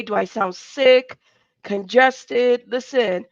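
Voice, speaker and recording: A woman in her thirties hosting a livestream, chatting with her guest in a lively, enthusiastic way. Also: on the high side, normal speed, vocal fry, no echo, muffled recording. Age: 30s. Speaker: livestream host. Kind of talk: casual livestream chat.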